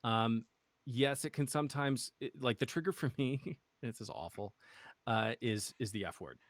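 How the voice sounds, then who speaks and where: A man's voice: mid-range voice, normal speed, dry recording. A man from western Massachusetts, a streamer guest in casual chat, rambling with many restarts and frequent laughter. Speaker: guest, actual play streamer.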